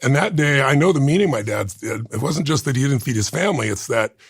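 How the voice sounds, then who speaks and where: A man's voice: medium pitch, expressive, fast, dry recording, studio quality. A man in his sixties telling an emotional personal story as an interview guest, earnest and intense. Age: 60s. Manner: earnest, intense, rough gravelly voice, moved to tears.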